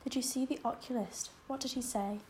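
A woman's voice: a little high, brisk, dark tone, slight background noise, lightly acted. A woman reading an audiobook, voicing an earnest, eager teenage girl who sounds anxious and tender. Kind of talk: audiobook character voice.

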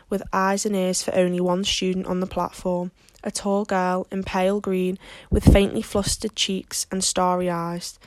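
Female audiobook narrator, measured and steady delivery, mid-range voice. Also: mid-range voice, no echo. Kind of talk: audiobook reading of a classic novel.

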